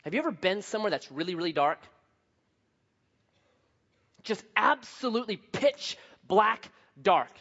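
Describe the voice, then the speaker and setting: A man pastor preaching a sermon, telling a story with lively swings from hushed to loud. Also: sits high, unhurried, long pauses, slightly rough. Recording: dull lo-fi sound.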